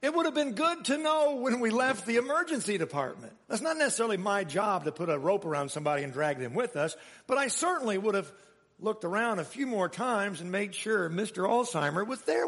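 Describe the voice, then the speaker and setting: A man's voice: high-pitched, expressive, brisk, a bit bright, slightly rough, long reverb tail. A man preaching a sermon, telling a story in a chatty way with laughs and asides.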